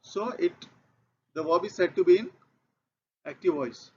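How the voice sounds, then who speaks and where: Man, Indian English accent, grammar lesson, methodical, repeats points, fairly high voice, muffled lo-fi sound. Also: a little slow, a little hiss or hum. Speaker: English teacher. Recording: dull lo-fi audio.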